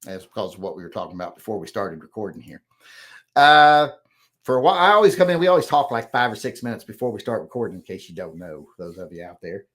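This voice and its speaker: A man's voice: fairly low pitch, big pitch swings, fast, a bit bright. Rambling middle-aged man reading comments. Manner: rambling, self-correcting, plain-spoken. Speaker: host. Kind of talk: casual chat reading viewer comments.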